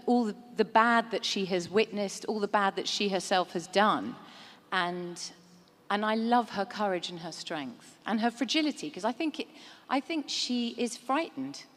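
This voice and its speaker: A woman actor on a fan-convention panel, speaking earnestly with halting restarts and laughing as she tells stories. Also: mid-range voice. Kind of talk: reflective panel talk. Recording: reverberant convention hall.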